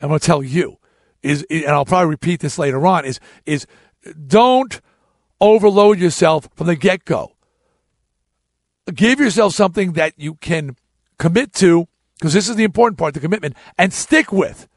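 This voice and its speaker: A middle-aged man spins a casual story, blunt and profane, and often restarts his sentences. His voice sits a bit high and swoops up and down, and the sound is dry and close. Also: expressive, moderate pace, dry recording. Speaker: podcast host.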